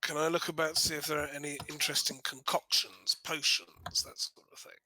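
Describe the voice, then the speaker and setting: A man's voice: a little high, little pitch movement, fairly quick, crowd noise, poor audio. A man playing a tabletop game, chatting casually in a playful, jokey way. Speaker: player.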